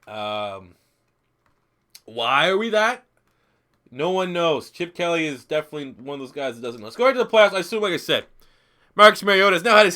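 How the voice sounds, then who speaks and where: A man's voice: a little high, pushed and bright. A man in his twenties, a little tipsy from beer, giving rambling, profane, joking commentary while streaming a football video game. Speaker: gaming YouTuber streaming. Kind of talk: casual live-stream commentary.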